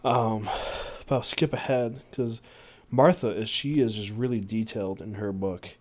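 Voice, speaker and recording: A man's voice: lowish voice, steady tone, unhurried, a little mellow. A man hosting a podcast, reading book passages aloud and adding casual asides with fillers. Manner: reads passages aloud, doing the quoted voices, with fillers and asides. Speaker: podcast host.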